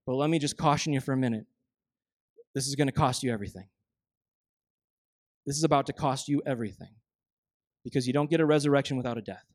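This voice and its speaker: Male pastor, sermon, emphatic, slow hushed drops on key lines, dry close sound. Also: medium pitch, dry recording.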